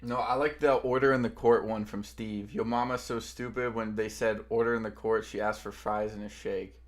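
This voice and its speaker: A man's voice: fairly low pitch, level tone, normal speed. A young man hosting a stream, chatting casually in teasing banter. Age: young adult. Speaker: stream host.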